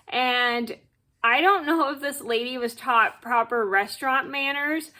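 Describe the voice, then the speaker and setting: Young woman at home telling a story, kinda high pitch, rambles and repeats herself a lot. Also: bright, forceful tone. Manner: rambling and repetitive, fills gaps with blah blah. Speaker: vlogger telling a work story. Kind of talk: casual storytime.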